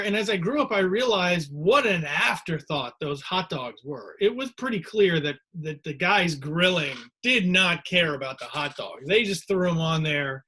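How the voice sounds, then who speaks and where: A man's voice: high-pitched, expressive, normal speed, hardly any pauses, sharp tone. A man hosting a rambling, digressive comedic monologue. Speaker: host.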